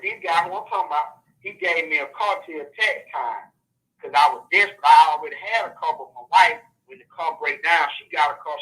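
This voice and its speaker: A man's voice: on the high side, rough recording. A man calling in to a podcast, telling a long personal story in a casual, profane way and acting out what others said. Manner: profane, animated storytelling with quoted dialogue.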